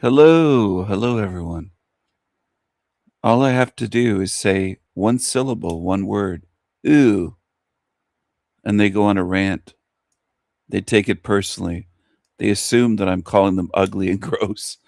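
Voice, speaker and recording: A man hosting an online radio show, boastful and taunting in a drawn-out way. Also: lowish voice, creaky, a little mellow, dry recording, clean studio sound. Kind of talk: casual online radio talk.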